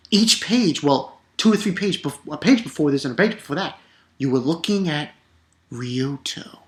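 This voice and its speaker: A man casually reviewing a comic chapter, rambling with restarts and bursting into excited, profane outbursts. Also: sits high. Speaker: manga reviewer.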